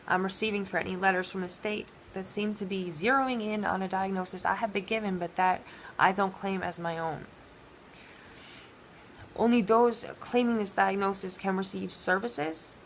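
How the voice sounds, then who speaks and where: A woman talking in a rambling personal monologue, halting with many restarts and fillers. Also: mid-range voice, steady tone, slight background noise.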